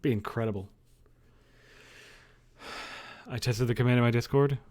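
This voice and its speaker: A man's voice: medium pitch, unhurried, darkish tone. A man livestreaming from his bedroom, chatting loosely with viewers, rambling, joking and swearing. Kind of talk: casual chat with viewers. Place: own dimly lit bedroom.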